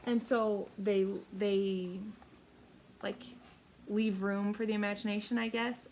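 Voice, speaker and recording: Woman, 30s, mid-pitched, casual upbeat book vlogger, faint room ambience. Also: creaky, a little hiss or hum. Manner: chatty, upbeat, many fillers and restarts. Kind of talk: casual book haul chat.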